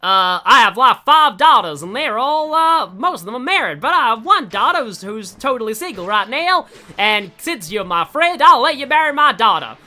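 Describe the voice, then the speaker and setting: A young streamer voicing a folksy middle-aged hillbilly knight with an exaggerated, put-on American Southern drawl, loud and hearty. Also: mid-range voice, sing-song, moderate pace, pitched above the performer's own voice. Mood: folksy, boastful.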